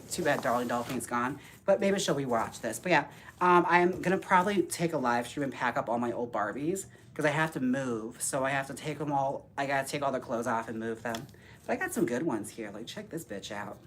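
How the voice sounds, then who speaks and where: A man hosting a casual live stream while styling dolls, talking to viewers by name in a campy, sassy way with quick jokes and frequent laughs. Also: fairly high pitch, fairly bright tone. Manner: talks to viewers by name, reads chat aloud.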